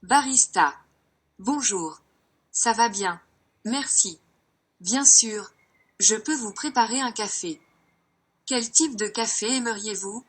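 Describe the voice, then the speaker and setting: Brief: AI woman voice, French accent, higher pitch, slightly breathy. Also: unhurried, pauses often. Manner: even, polite synthetic reading. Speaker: AI chat voice.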